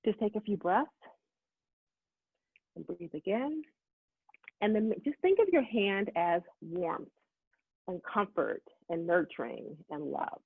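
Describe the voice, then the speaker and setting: Fast-talking woman on a tinny line. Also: medium pitch, vocal fry, breathy edge. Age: middle-aged. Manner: fast-talking, animated self-talk quotes. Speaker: summit speaker. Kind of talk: motivational talk. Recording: tinny phone-like line, dry.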